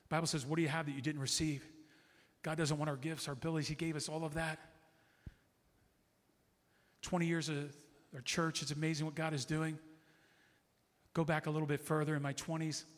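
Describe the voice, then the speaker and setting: A man's voice: on the high side, level tone, brisk, long pauses. A middle-aged man preaching a sermon as a guest pastor, passionate and repetitive in his declarations, in a church sanctuary. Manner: impassioned preaching with repeated declarations. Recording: long hall reverb.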